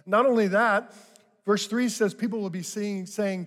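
An older male pastor delivers a sermon in a fairly high voice, talking to the congregation in a chatty way and pushing up into emphatic bursts on key points. His words ring out with a long reverb through a large church hall. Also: fairly even intonation, a little slow. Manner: conversational preaching with rising emphatic bursts.

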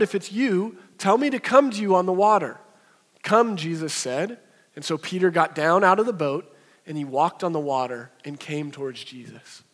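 A man with a high voice preaches a sermon in a conversational way, recorded in a church sanctuary with long reverb. He swings from lively, raised passages down to quiet, low ones. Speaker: pastor.

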